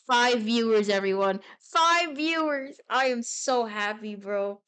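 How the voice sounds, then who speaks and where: A young adult woman chatting casually on a live stream while she draws, playful and rambling, with sudden bursts of excitement. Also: medium pitch, unhurried, clear, resonant tone.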